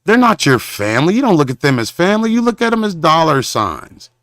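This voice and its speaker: A man from Southern hosting a confrontational livestream rant, rambling and halting, with preacher-like condemnations. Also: fairly high pitch, sing-song, fairly bright tone, no room sound, clean studio sound. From Southern Oklahoma. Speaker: show host.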